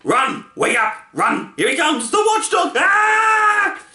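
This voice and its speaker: Man as frightened storybook creatures, high and shrieking, bright; echoey room. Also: sing-song, slow pace, heavily acted. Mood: panicked. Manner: panicky shouting. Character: lazy, easily frightened little creatures.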